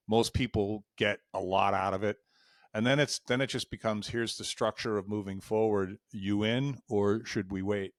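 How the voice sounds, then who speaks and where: A man's voice: lowish voice, dry recording, clean studio sound. A man in his fifties, a coach being interviewed, telling candid and emotional stories and acting out old conversations. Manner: candid, emotional, acts out quoted dialogue. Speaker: life and executive coach, guest. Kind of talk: podcast interview, storytelling.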